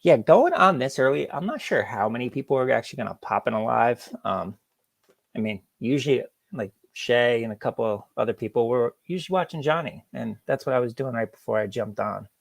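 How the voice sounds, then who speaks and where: A young man hosts a relaxed live stream from home, chatting loosely and greeting viewers one by one. His voice has a gravelly, creaky edge. The sound is close and dry, with no room echo. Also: mid-range voice, brisk. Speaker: livestream host. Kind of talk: casual live-stream chat.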